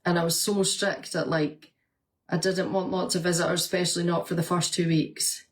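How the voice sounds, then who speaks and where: A woman's voice: on the low side, level tone, moderate pace. A woman vlogger and nurse chatting casually, answering viewer comments and laughing often as she retells stories.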